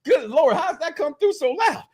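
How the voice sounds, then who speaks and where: Male host, very high voice, boisterous and joking, trash-talks freely. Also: very animated, normal speed, darkish tone. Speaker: show host. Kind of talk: casual wrestling talk show.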